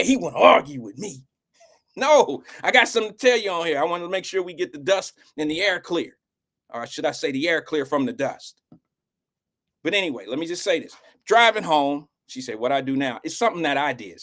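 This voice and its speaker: Man, middle-aged, fairly high-pitched, live-stream host, rambling, slangy, emotional storyteller. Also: a bit bright. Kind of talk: casual live-stream talk.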